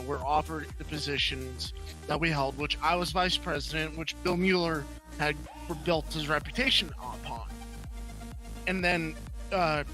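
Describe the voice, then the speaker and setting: A man's voice: fairly high pitch, pushed and bright. A man from Louisiana with a mixed Louisiana and Texas accent, telling rambling stories as a guest in a casual live-stream interview. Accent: Louisiana and Texas Southern US. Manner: storytelling, rambling with fillers. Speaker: guest, roleplay gang member.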